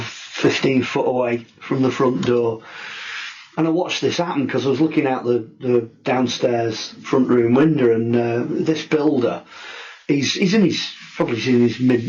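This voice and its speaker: Middle-aged man telling a ghost story. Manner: animated, acts out quoted people in a higher voice. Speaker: guest storyteller. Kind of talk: casual storytelling interview. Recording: dull lo-fi recording.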